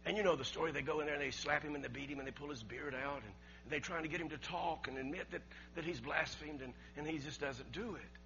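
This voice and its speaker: A man delivers a sermon in a bright, somewhat high voice, pushing hard on key words and then dropping low. The recording is dull and lo-fi, with a faint electrical hum underneath. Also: fast talker. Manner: emphatic preaching, swings from loud to quiet. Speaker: pastor.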